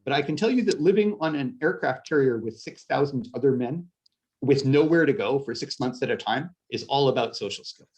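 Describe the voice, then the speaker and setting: Through lo-fi audio comes a brisk, expressive male voice of medium pitch and darkish tone. This middle-aged man from upstate New York, USA, sounds somewhat Canadian and, as an author in a casual interview, rambles self-deprecatingly with many laughs and restarts.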